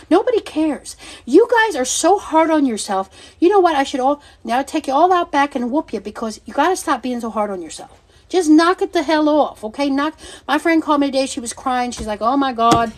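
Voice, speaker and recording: Blunt high-voiced woman chatting on a livestream. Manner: blunt, animated, swears freely, laughs often. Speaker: livestream seller and host. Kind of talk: casual livestream chat.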